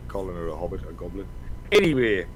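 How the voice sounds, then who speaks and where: A man's voice: sits low, big pitch swings, fast, slight background noise, poor audio. A middle-aged man, hosting a casual podcast chat, rambling and swearing freely. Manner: rambling, swears often, trails off. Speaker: podcast host.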